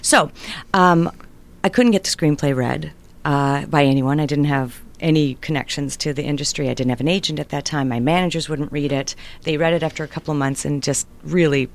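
A woman's voice: low voice, fairly quick. A middle-aged woman, a writer and performer, telling stories in a conversational interview and acting out family voices along the way. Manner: animated, acts out family voices in anecdotes.

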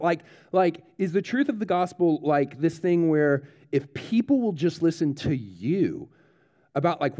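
A pastor with a mellow, fairly high voice gives a children's sermon in church. He builds a true story toward a dramatic point and pauses to check in with the children.

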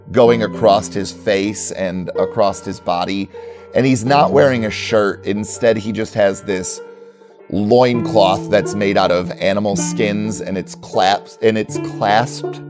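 A man narrating as game master of a tabletop game, relaxed and rambling, full of fillers. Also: lowish voice.

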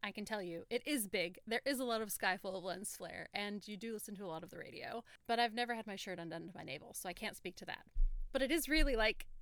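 A woman's voice: medium pitch, a bit bright, no room sound. A woman from Oregon with an American accent, co-hosting a casual book podcast, chatty and enthusiastic. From Oregon, USA. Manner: enthusiastic, chatty, reads passages aloud expressively. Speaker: podcast co-host.

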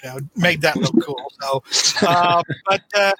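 A man hosting a casual comic book talk, sarcastic and mocking, often breaking into loud shouted impressions of characters. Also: a little high, measured pace, no room sound. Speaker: comic book podcast host. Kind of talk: casual comic review chat.

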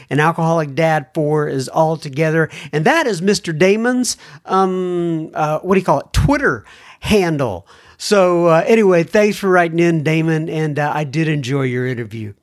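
A man's voice: fairly high pitch, normal speed, no room sound, studio quality. Earnest man hosting a podcast. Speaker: podcast host. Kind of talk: reading and answering listener letters.

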